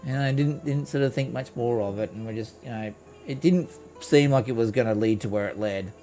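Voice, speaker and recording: A man's voice: mid-range voice, brisk, mellow, faint music behind. A man streaming live, telling a rambling, profane story with lots of restarts. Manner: rambling, swears freely, restarts a lot. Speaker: game streamer.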